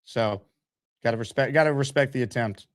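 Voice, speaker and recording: A man's voice: mid-range voice, fairly quick, no echo, studio quality. A man hosting a live sports talk stream, teasing his guest and reading chat messages. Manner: teasing, needling, brash. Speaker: host.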